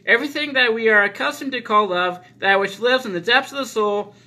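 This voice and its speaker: A man preaching a sermon, reading deliberately and slowing down to stress repeated phrases. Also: very high-pitched, sharp tone. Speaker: pastor.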